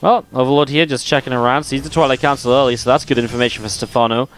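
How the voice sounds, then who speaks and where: Smooth-voiced male game caster. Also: mid-range voice, steady tone, fast, a bit bright. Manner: chatty, answers viewer chat between play calls; jokey, playful with the audience. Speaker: esports caster and stream host. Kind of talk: live game commentary mixed with chat banter.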